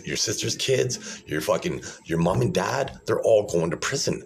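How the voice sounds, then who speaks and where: A man talking straight to camera in a rambling monologue, boastful, profane and combative, often restarting his phrases. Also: sits low. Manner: repeats himself, restarts phrases. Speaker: video creator.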